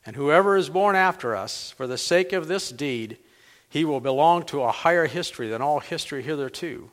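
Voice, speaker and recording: A man's voice: on the high side, animated, normal speed, a bit bright. A man reading aloud the part of a frantic, grieving male madman who cries out urgent questions. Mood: anguished. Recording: long hall reverb.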